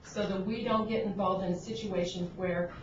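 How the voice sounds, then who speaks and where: A woman on an agriculture board speaks at a public meeting, earnest and pointed, restarting her sentences often. The room mic sits far from her, so her voice comes through roomy and dull, with steady background noise. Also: medium pitch, moderate pace. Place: conference room at a government meeting.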